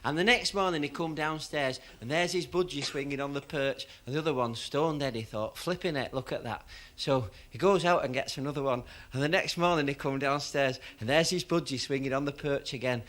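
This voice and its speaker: A man's voice: mid-range voice, fairly quick, hardly any pauses, fairly bright tone. A man telling stand-up jokes, often laughing at his own punchlines. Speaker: stand-up comedian. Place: comedy stage.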